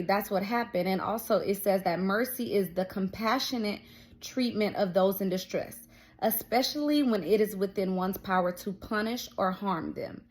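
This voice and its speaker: A young woman talking straight to her viewers as she shares a personal faith testimony. She tells it casually, fills it with "like" and "um", and acts out what everyone said. Her voice sits at an everyday middle pitch. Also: darkish tone. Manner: storytelling with many fillers, quoting others. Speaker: faith vlogger.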